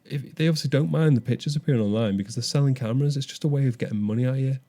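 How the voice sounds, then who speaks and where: A man's voice: mid-range voice, racing, warm tone. A young man co-hosting a podcast, telling a story animatedly with frequent restarts. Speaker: podcast co-host. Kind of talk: casual chat.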